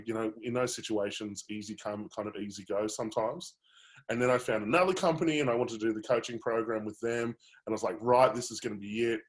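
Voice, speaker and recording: A man, a coach telling his personal story in a webinar, candid and animated, with many fillers. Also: on the low side.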